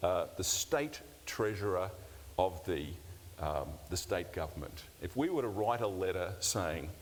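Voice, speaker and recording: An older man, a pastor teaching a seminar session in a conversational, self-deprecating way with light humour. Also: deep voice. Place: church hall. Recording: long church-hall reverb, faint hiss.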